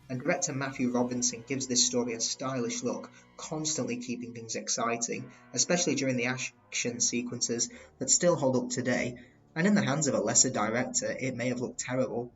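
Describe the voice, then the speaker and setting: A man narrating a scripted review with enthusiastic, earnest praise. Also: mid-range voice. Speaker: video reviewer. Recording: slightly dull lo-fi recording.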